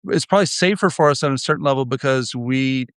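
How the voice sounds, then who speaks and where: Smooth-voiced wry man. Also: medium pitch, fast, no room sound. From United States. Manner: wry, rambling, many restarts. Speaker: podcast host. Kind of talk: casual podcast conversation.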